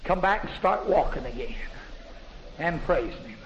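A man preaching a fervent testimony in a plain, folksy way, building up to loud, shouted praise. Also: fairly high pitch, lively intonation, normal speed, long reverb tail. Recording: dull lo-fi recording with faint hiss.

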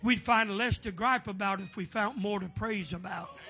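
High gravelly preacher man. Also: normal speed. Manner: call-and-response, building to shouting. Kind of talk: sermon. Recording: dull lo-fi sound.

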